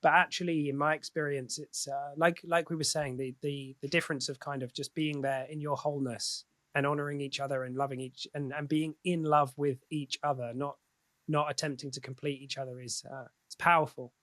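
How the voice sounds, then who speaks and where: A man's voice: fairly high pitch, level tone, fairly quick, a bit bright, dry recording. A man speaking as a podcast guest in candid, casual conversation, swearing freely and often restarting his sentences.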